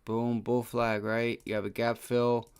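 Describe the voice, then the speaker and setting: A man's voice: medium pitch, little pitch movement, a little slow, clean tone. A man hosting a live day trading stream, thinking aloud over charts and cursing when trades go wrong, with an aching back. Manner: profane, frustrated outbursts. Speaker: day trading livestream host.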